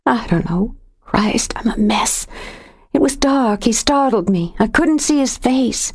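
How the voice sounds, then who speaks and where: A woman voicing a jumpy young woman with a tense, high voice in an audiobook reading. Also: expressive, measured pace, breathy edge, exaggerated voice. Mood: shaken.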